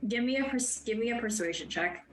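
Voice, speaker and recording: A woman narrating as game master of a tabletop game, relaxed and pausing with ums. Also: fairly high pitch, rough recording.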